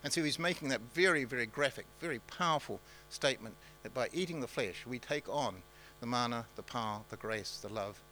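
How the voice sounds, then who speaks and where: NZ male pastor, bright forward tone, halting off-the-cuff sermon delivery, faint hum behind. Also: medium pitch, poor audio. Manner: halting, many fillers and restarts, conversational.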